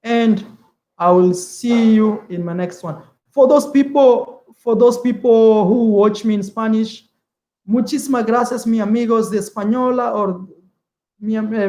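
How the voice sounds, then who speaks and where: A man's voice: high-pitched, takes it slowly, a little mellow. A man hosting a casual livestream, chatting with his viewers, repeatedly calling them "man" and thanking them. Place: indoor room, streaming live. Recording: roomy echo.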